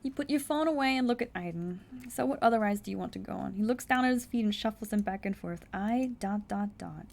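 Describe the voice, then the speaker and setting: A young woman streaming herself playing a text adventure, reading the story text aloud quickly and breaking in with blunt, incredulous asides and the odd swear. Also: mid-range voice, gravelly, a little mellow. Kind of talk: casual live-stream commentary, reading game text aloud.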